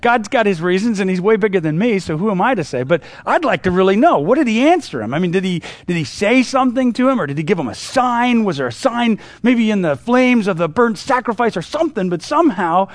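A man's voice: sits high, big pitch swings, brisk, hardly any pauses, no room sound. A man teaching through a Bible passage in a casual, conversational way, with lots of asides and restarts.

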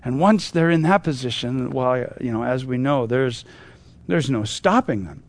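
A man's voice: medium pitch, lively intonation, normal speed, dry recording. A man teaching through a Bible passage in a casual, conversational way, with lots of asides and restarts.

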